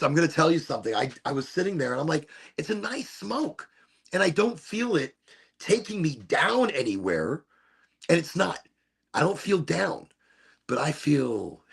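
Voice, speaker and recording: A man hosting his own podcast, rambling in a relaxed, playful and self-amused way. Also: on the high side, creaky, slightly rough. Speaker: podcast host. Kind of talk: casual stoned monologue.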